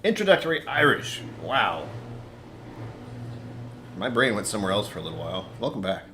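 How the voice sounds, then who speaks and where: A man's voice: deep voice, moderate pace, noisy background. A man hosting a casual whiskey-tasting livestream from his apartment, rambling, talking to himself and chuckling often.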